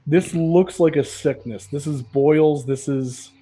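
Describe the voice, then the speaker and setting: A man's voice: fairly high pitch, slow pace, mellow, husky. A man narrating as game master of a tabletop role-playing game, casual with frequent fillers.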